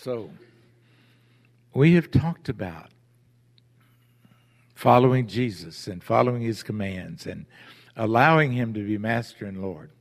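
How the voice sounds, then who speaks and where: Slow, emphatic preaching man in a hall. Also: lowish voice, animated, vocal fry. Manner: deliberate, emphatic preaching with rhetorical questions. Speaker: pastor. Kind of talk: sermon. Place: church sanctuary. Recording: church hall with long reverb.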